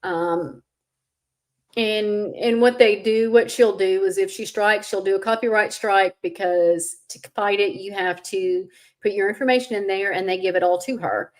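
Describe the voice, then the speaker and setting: A woman's voice: mid-range voice, normal speed, darkish tone. A woman hosting a casual livestream chat, speaking candidly and sometimes with rising emphasis, a little stuffy from allergies. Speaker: host.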